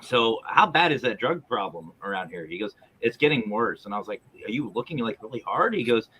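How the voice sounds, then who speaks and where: A man co-hosting a casual paranormal chat show, telling stories in an animated way, acting out quotes and swearing freely. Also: on the low side, brisk, breathy edge, rough recording. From San Diego area.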